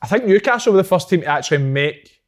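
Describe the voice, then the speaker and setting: Fast-talking Scottish man. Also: sits high, lively intonation. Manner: blunt, sweary storytelling. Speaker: former footballer, podcast guest. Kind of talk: casual chat.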